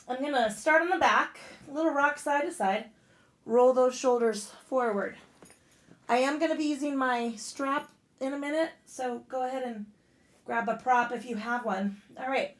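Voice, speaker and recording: Casual, swearing woman yoga teacher in an echoey room. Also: high voice. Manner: casual and profane, with blunt joking rants. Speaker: yoga instructor. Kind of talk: guided yoga class instruction.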